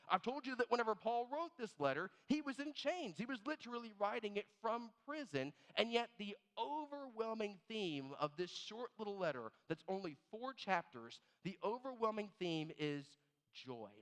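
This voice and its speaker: A man preaching a sermon as pastor, animated and storytelling, dropping low and quiet on key words. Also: clear, resonant tone. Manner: animated storyteller, acts out both sides of little scenes. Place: church sanctuary. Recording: long reverb of a church hall.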